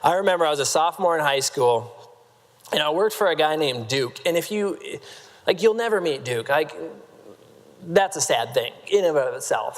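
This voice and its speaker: A man from Nebraska giving a humorous keynote talk on a convention stage, joking with the crowd and filling his sentences with "like". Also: fairly high pitch. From Nebraska, United States. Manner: playful, self-mocking, heavy use of "like", quips at the crowd. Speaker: motivational keynote speaker. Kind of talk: humorous storytelling talk to a live audience. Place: large convention hall main stage. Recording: long reverb of a large hall.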